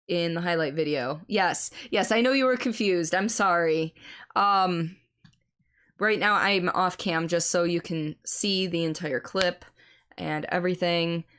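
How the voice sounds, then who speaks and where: A woman's voice: fairly low pitch, fairly bright tone. A woman streamer chatting casually with her viewers and commenting on gameplay clips, swearing freely and laughing at herself.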